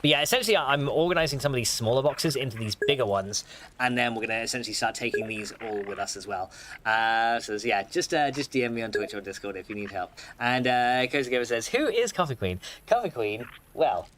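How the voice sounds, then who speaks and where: A man's voice: mid-range voice, fast talker, a bit bright, slight background noise. Chatty male game streamer. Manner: chatty, reads chat aloud with frequent restarts and fillers; laughs often. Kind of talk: casual livestream chat. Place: home room.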